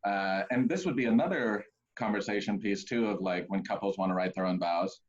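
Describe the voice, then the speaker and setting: Male pastor, casual storyteller, animated impressions, dull low-fidelity recording. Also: brisk. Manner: animated, acts out characters in high voices.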